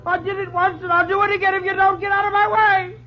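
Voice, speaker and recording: A man's voice: on the high side, sing-song, drawn-out words, a little hiss or hum, pitched above the performer's own voice, exaggerated voice. A man voicing a panicky, guilt-ridden male dinner guest who stammers and breaks into shrieks. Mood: hysterical. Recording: tinny old radio broadcast.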